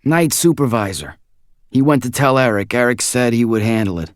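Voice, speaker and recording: Audiobook side part: man playing a young guard, urgent and clipped, pitched up from the narrator, dry booth sound. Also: expressive, normal speed, no room sound, lightly acted.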